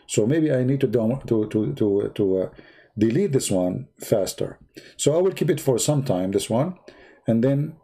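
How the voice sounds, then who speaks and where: A man hosting a livestream, retelling a story in a mocking, animated way and speaking broken, non-native English. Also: gravelly. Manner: mocking, animated storytelling with big pitch swings. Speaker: livestream host. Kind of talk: casual livestream commentary.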